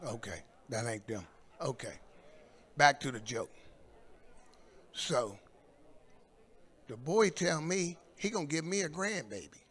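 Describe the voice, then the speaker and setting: An older man from Indianapolis doing a stand-up comedy set, telling long profane stories and shouting out the lines of the people in them. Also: medium pitch, animated, slow pace, pauses often, breathy edge. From Indianapolis, USA. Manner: profane, rambling storytelling with shouted quoted voices. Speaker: stand-up comic. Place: live comedy stage.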